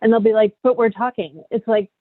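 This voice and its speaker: A woman's voice: fairly high pitch, steady tone, fairly quick, no room sound. A middle-aged woman coaching parents, candid and conversational, often checking in with "right?" at the end of a point. Her voice comes through a tinny, phone-like line. The sound is dry and close. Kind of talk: online parenting workshop.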